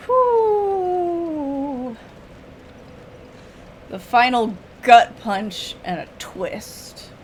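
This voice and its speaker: A woman's voice: sits high, very slow, pauses often, a little hiss or hum. A woman streaming a video game, giving chatty, emotional, joking commentary. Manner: chatty, emotional, jokey reactions. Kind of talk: casual gameplay commentary.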